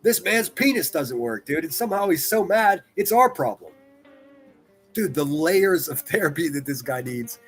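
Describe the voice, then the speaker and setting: A man hosting a livestream, reacting to clips with profane mockery, jumping from loud outbursts to muttered asides. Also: on the high side, animated, normal speed, faint music behind. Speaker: livestream commentator.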